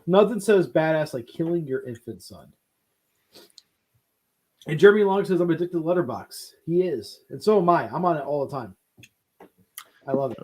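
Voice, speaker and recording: A man's voice: on the high side, moderate pace, pauses often. A man co-hosting a casual film chat, joking and swearing freely. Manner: animated, profane, joking. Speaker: podcast co-host.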